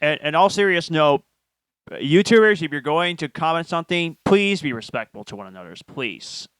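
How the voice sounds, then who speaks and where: A man's voice: a little high, lively intonation, moderate pace, fairly bright tone, clear, resonant tone, no echo. A man co-hosting a podcast, chatting casually with joking asides and earnest pleas to viewers. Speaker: podcast co-host. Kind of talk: casual chat.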